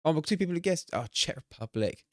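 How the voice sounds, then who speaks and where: A man in his twenties streaming casually, excitable, swearing and chatting to his viewers. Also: a little high, fast talker, no room sound, clean studio sound. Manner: excitable, swears and laughs often, talks to chat. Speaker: streamer hosting a watch party. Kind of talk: casual live-stream chat while playing a guessing game.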